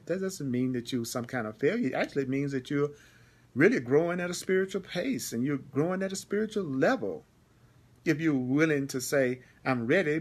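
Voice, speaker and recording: A man's voice: mid-range voice, slightly rough. A man teaching a live-streamed spiritual lesson, repeating key phrases with emphasis and answering viewers by name. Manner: repetitive, emphatic, slows down deliberately when reading.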